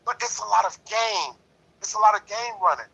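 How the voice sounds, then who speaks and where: A man's voice: high-pitched, expressive, fairly quick, vocal fry, sharp tone, breathy edge, low-quality recording. A man in a lodge discussion talking in a preachy, emphatic way, repeating himself and leaning on "you know". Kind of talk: passionate casual discussion.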